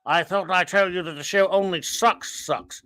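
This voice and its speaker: A man's voice: sits high, moderate pace, sharp tone. Man playing a bored starship captain. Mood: bored, dismissive.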